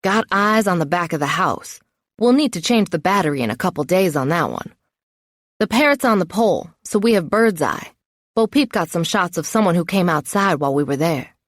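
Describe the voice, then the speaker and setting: A blunt, tough young woman reporting back to her team in a clipped, matter-of-fact way, read by a woman narrator. Her voice sits low and the storybook sound is dry and close. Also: lively intonation, brisk, dry recording.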